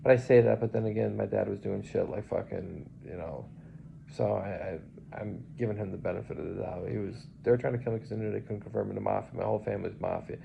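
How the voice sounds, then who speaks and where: Man, low gravelly voice, rambling agitated monologue, dull lo-fi sound, faint hiss. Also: fairly even intonation, quick pace. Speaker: vlogger.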